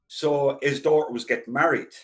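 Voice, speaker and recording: A middle-aged Irish man, a local historian, telling anecdotes in a relaxed interview and acting out the voices of people he quotes. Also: fairly high pitch, normal speed. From Ireland. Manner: chatty anecdotal storyteller, acts out quoted voices. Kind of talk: casual storytelling interview.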